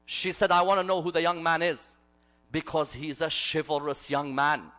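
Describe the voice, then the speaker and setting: Male preacher telling a story in a sermon, forceful bright voice, dramatic swings from loud to hushed. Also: on the high side, little pitch movement, moderate pace.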